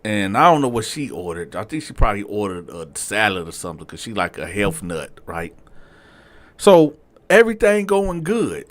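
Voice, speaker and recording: A man casually telling his own story to viewers in slangy talk, swinging from low asides to loud outbursts. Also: big pitch swings, moderate pace.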